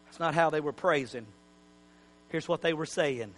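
A pastor preaching an emphatic sermon in a church and calling on the congregation to repeat after him. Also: male voice, a little high, sing-song, moderate pace, a bit bright, big-room sound. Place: church sanctuary.

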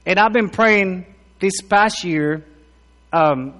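A man, preaching a conversational sermon into a handheld mic, joking, then swinging from loud emphatic lines to quiet asides. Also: high voice, takes it slowly. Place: church hall. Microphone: handheld microphone. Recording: long hall reverb.

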